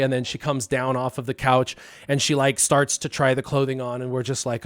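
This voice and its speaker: A man on a live stream telling a long personal story in casual talk, acting out his own past lines with lively bursts. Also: on the high side, a little fast, no echo, studio quality. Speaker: stream co-host.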